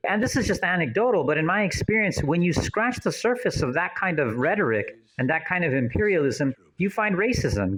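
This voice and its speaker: A man's voice: medium pitch, rough recording. A man giving casual audio commentary in an earnest, rambling way, full of anecdotes.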